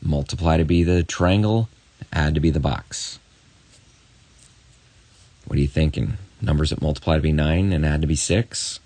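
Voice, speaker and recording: Deep-voiced man teaching a math lesson. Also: darkish tone, no echo. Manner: encouraging, talks straight to the student with quick asides. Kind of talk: recorded video lesson.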